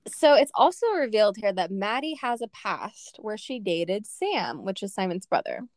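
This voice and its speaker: A woman's voice: mid-range voice, moderate pace, no room sound, studio quality. Chatty young woman reviewing a book. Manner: animated, laughing, many "like" fillers. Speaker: podcast co-host. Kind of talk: casual book-review chat.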